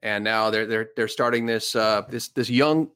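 A man talking in a casual podcast chat, halting and repeating words as he thinks. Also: lowish voice, fairly bright tone, clean tone.

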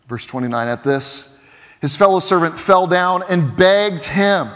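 High-voiced pastor preaching in a hall. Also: male voice, lively intonation, unhurried. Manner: earnest, emphatic, swings between loud and hushed. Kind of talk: sermon.

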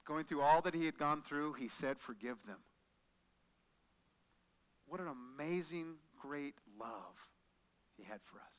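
A man preaching a sermon as pastor, swinging between hushed, quiet passages and loud, forceful ones. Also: fairly high pitch, moderate pace. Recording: muffled recording in a large echoing hall.

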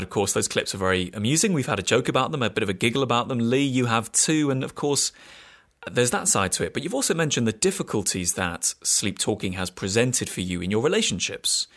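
A male show host whose pitch rises and falls a lot as he introduces segments and guests. His delivery is enthusiastic and upbeat. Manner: bright, enthusiastic interviewer. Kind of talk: radio show presenting.

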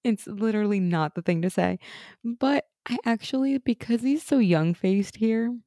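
A young woman co-hosting a casual TV recap chat, animated and laughing as she acts out lines from the show. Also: medium pitch, normal speed, no room sound, clean studio sound. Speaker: podcast co-host.

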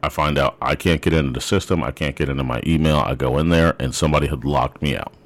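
A man's voice: extremely low pitch, quick pace. A young adult man casually recounting a work story, rambling with frequent restarts.

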